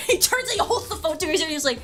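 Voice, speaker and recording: Young woman streamer, animated and giggly, swooping pitch. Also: rapid-fire, over music. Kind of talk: casual chat with chat.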